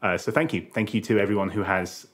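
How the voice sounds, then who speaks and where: A man's voice: lowish voice, fairly even intonation, fast. A man co-hosting a podcast, chatting casually and playfully going along with the jokes. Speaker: podcast co-host. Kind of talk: casual chat.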